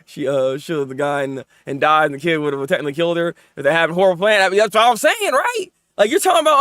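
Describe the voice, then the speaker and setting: A man reviewing anime episodes in casual, animated chat, venting and rambling as he goes. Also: a little high, no room sound, clean studio sound. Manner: animated, rambling, quick to vent.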